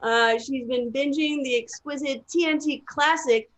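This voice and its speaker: A woman hosting a virtual variety show, gushing and excitable, chatting over a video call. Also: sits high, a little slow, low-quality recording. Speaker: host. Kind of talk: casual chat on a video call.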